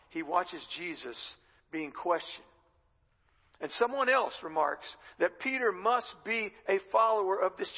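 A man with a high, gravelly voice delivers a sermon, retelling scripture as a relaxed, conversational story. His voice is husky, and it rings out with a long reverb in a church hall. The recording sounds somewhat dull and muffled. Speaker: pastor.

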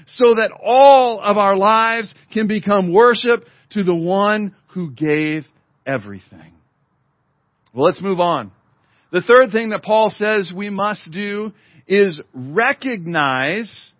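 Man, pastor preaching, high voice, emphatic delivery, dull lo-fi recording. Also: no room sound. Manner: emphatic preaching with dramatic slowdowns and drops to a murmur; addresses the congregation and online viewers directly. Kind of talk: sermon. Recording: dull lo-fi sermon audio.

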